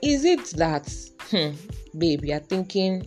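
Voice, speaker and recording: A woman's voice: sits low, expressive, moderate pace, dark tone, faint music behind. A woman with a Nigerian accent hosting a casual podcast monologue, chatty and musing aloud, dropping in Yoruba and pidgin words. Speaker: podcast host.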